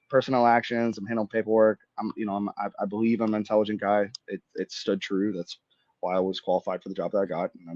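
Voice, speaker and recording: A veteran in his thirties from Florida guests on a podcast, telling stories in a casual interview with a lowish voice. He's an animated storyteller who acts out dialogue and swears freely, recorded on a dry, slightly dull podcast mic with no room sound.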